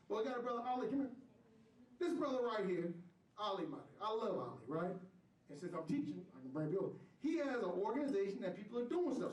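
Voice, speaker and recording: Man, Islamic teacher, lively sermon, rhetorical questions, echoey room, distant mic. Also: high-pitched, muffled recording. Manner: animated, rhetorical questions to the crowd.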